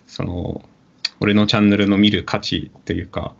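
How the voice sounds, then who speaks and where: A man's voice: lowish voice, little pitch movement, quick pace, vocal fry, husky. A man speaking as a YouTuber guest in a casual interview, hesitant and full of fillers, on a dull lo-fi recording. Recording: dull lo-fi audio.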